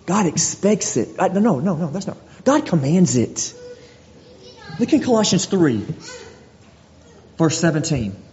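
Male preacher, emphatic and repetitive, slightly high voice, long church-hall reverb. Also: big pitch swings, a little slow, pauses often, a little mellow, a little hiss or hum. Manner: rhetorical questions, emphatic repetition. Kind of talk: sermon. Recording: dull lo-fi audio with long reverb.

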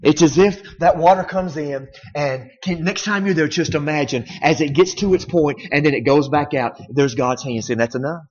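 A male pastor preaches with conversational emphasis, drawing his listeners in with rhetorical questions. His voice is a touch high for a man. A long reverb from the sanctuary trails behind every phrase, and the sound is slightly dull. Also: normal speed, few pauses, darkish tone. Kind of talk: sermon.

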